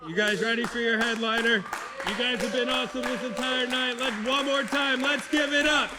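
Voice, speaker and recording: A man's voice: very high voice, steady tone, moderate pace, very noisy. A man emceeing a comedy show, hyping up the crowd to bring on the headliner. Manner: hyped, shouting to the crowd. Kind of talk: stand-up club introduction. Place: comedy club stage. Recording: loud crowd and music from far off.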